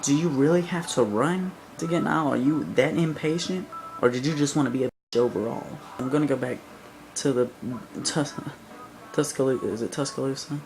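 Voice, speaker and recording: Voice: medium pitch, fairly quick, vocal fry, a little mellow, soft background music, poor audio. A vlogger from the American South with a Southern accent, delivering a blunt, sarcastic, profane comic rant to camera.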